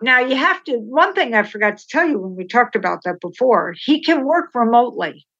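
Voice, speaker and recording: A middle-aged woman, a podcast guest, telling candid personal stories in an animated way and acting out the dialogue. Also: fairly high pitch, fairly quick. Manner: animated, acts out quoted dialogue, laughs while telling. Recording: slightly dull, lo-fi sound.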